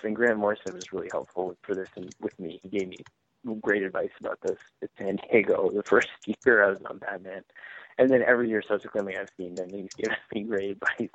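A man's voice: fairly low pitch, vocal fry. A man, a comic book writer guest, telling stories in a candid, rambling way, often breaking off mid-sentence and laughing as he talks. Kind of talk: candid conversational storytelling. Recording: tinny phone-line sound.

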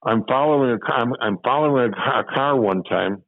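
An older man from Chicago, once a police officer, tells stories from his career in an interview, rambling and repeating phrases as memories come back. His medium-pitched voice is brisk, and the dry recording sounds narrow and tinny.

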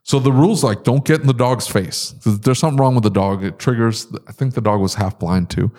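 A man's voice: mid-range voice, brisk, a little mellow. A man telling stories in a casual podcast chat, ranting with exasperation and big jumps in his voice.

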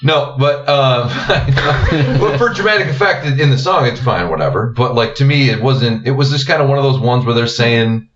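A man's voice: medium pitch, moderate pace, hardly any pauses, a bit bright, a little hiss or hum. A man co-hosting a casual podcast chat, laid-back and hesitant, often trailing off mid-sentence. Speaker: podcast co-host. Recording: roomy, dull lo-fi sound.

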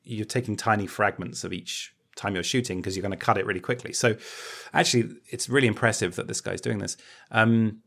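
A man's voice: lowish voice, fairly even intonation, fairly quick, vocal fry, few pauses, fairly bright tone, husky. A man co-hosts a podcast in an easy, chatty way. He explains his points thoughtfully and often qualifies what he says. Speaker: podcast co-host. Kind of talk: casual chat.

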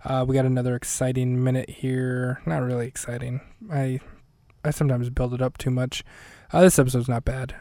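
A man's voice: medium pitch, level tone, fairly quick, dark tone, dry recording. A man hosting his own podcast, casually recapping an episode in a rambling, self-correcting way with dry humor. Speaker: podcast host.

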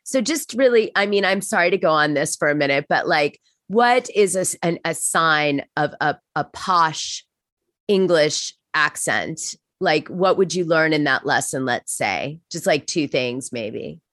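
Woman, American accent, low voice, eager, curious, dry sound. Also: fairly bright tone, no echo. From United States. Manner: eager, curious, quick to gush. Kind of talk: casual chat.

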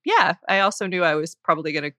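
A woman's voice: on the low side, very animated, quick pace, fairly bright tone, no echo, clean studio sound. A woman co-host from upstate New York chatting casually about where she grew up. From upstate New York, USA. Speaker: podcast co-host. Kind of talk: casual chat.

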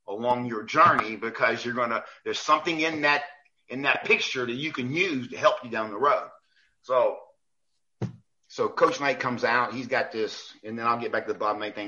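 A man, a basketball referee and guest, telling animated anecdotes in a casual chat, acting out quoted lines and restarting often. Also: medium pitch, muffled recording. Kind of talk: animated storytelling in a podcast chat.

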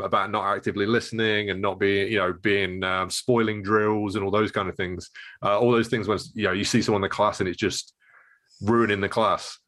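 Lower-voiced man musing hesitantly. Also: fairly bright tone. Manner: reflective, hesitant, many fillers. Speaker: martial arts instructor. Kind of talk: casual podcast chat.

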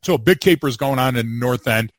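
A man co-hosting a podcast, a former police field training officer telling a story with wry humor and lively delivery. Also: medium pitch, fast talker, no room sound. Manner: animated storyteller, wry humor, repeats words when starting. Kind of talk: casual storytelling chat.

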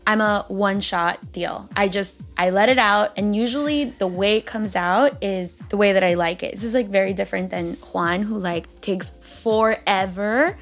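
A woman's voice: mid-range voice, normal speed, hardly any pauses, soft background music. A woman in her thirties co-hosting a casual podcast, chatting and then reading a love letter to her young daughter, her voice catching with emotion. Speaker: podcast co-host.

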